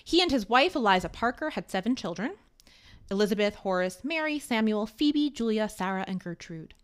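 A woman hosting a podcast, telling a history in a chatty, animated way with wry asides. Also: medium pitch, brisk, clear, resonant tone. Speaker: podcast host. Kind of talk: casual storytelling chat.

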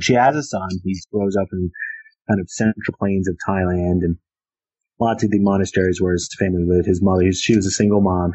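A man's voice: low voice, warm tone, breathy edge. A man, an author, telling a long story about his book in a casual, rambling way with many fillers. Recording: dull lo-fi sound.

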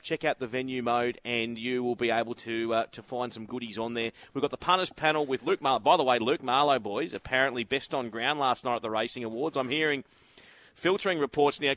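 A man's voice: medium pitch, a bit bright, no room sound. An Australian man presenting horse racing from the road, telling rambling anecdotes in casual radio chat and laughing often.

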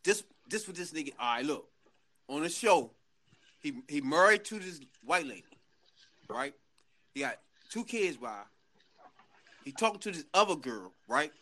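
A man telling a story in casual chat, animated and laughing, full of slang. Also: a little high, normal speed, long pauses.

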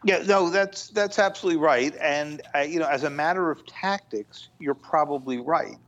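A man speaking as a guest in a podcast discussion, measured and thoughtful, with frequent "you know" fillers. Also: fairly high pitch, a bit bright, muffled recording. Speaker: guest foreign-policy analyst.

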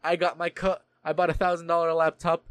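A man's voice: fairly high pitch, fairly quick, no room sound. A young man telling a story in casual chat, swearing freely and acting out what others said. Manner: profane, animated storytelling with mimicked voices.

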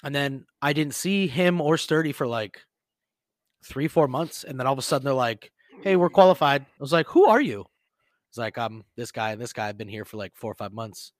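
A man co-hosting a podcast, telling profane, animated stories and shouting out quoted lines. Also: medium pitch, a little fast, no echo, studio quality. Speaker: podcast co-host. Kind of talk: casual storytelling chat.

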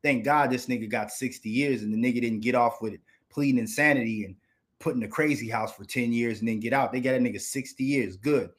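A man's voice: mid-range voice, brisk. Male host, angry commentary rant, profane and repetitive. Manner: heated, profane, repetitive outbursts.

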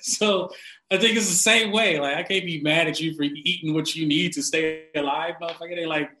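A man with a bright, fairly high voice rants bluntly about diet and the people who preach it, swearing in every breath. He laughs often and gets animated when he mocks someone. The room around him is echoey. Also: brisk. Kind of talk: casual profane rant.

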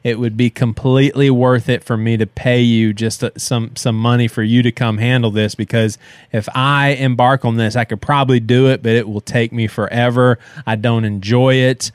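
A man in his thirties co-hosting a podcast, telling a story in a casual, animated way and laughing as he goes. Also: medium pitch, moderate pace, smooth, no echo. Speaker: podcast co-host.

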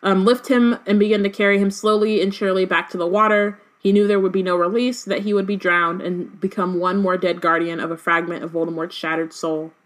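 A woman's voice: mid-range voice, fairly even intonation, brisk, few pauses. Chatty woman reading aloud with asides. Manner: many fillers and "like", loose slangy asides. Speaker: podcast co-host reading and discussing a book. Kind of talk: casual chat mixed with reading aloud.

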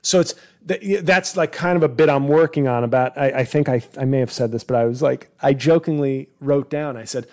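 A man's voice: medium pitch, brisk, darkish tone. Rambling male comedian podcaster. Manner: rambling, self-interrupting, puts on mock voices for bits. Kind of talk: solo podcast monologue.

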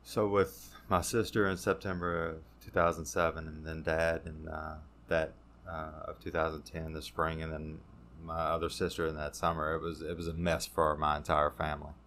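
Low, bright-voiced man telling his story. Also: flat delivery, a little hiss or hum. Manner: halting, many fillers and restarts. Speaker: podcast guest sharing recovery story. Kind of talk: casual conversational storytelling.

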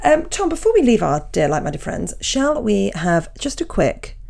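A woman's voice: medium pitch, very animated, moderate pace, vocal fry, a little mellow. A woman co-hosting a podcast in casual chat, playful and giggly, often correcting herself mid-sentence. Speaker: podcast co-host.

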